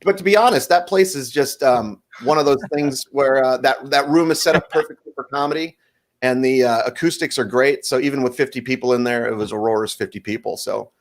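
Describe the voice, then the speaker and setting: A man in his forties, a stand-up comedian chatting as a guest about a recent show, relaxed and anecdotal. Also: medium pitch, a little fast. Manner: animated storyteller, acts out bits. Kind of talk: stand-up set then casual interview.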